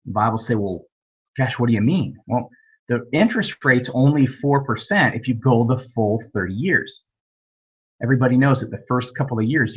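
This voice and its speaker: Husky male investing instructor, lo-fi. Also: mid-range voice. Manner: folksy storytelling, acts out dialogue. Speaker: real estate investing instructor. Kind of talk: webinar lecture with anecdotes. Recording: dull lo-fi webinar audio.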